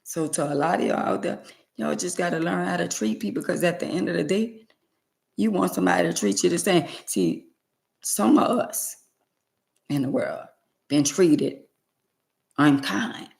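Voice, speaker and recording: Gravelly low-voiced woman preaching to viewers. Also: animated, moderate pace, pauses often, darkish tone. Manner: preachy, emphatic, repeats points; plain-spoken, uses y'all. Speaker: vlogger. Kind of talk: casual monologue to viewers.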